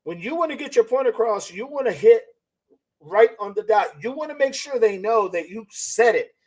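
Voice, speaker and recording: Guy doing a live commentary stream, fairly high voice, keeps asking questions and repeating himself, skeptical. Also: animated, moderate pace, a little mellow, poor audio. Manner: reads viewer comments aloud. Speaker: channel host.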